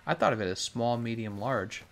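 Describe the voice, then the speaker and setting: A man gives relaxed live-stream commentary as he plays, picking up questions from chat and mulling them over aloud. His voice sits at an ordinary middle pitch with a gravelly, creaky edge. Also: moderate pace, slight background noise. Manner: laid-back, reads chat questions aloud and muses on answers. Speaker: game streamer. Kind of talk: casual live-stream commentary while playing.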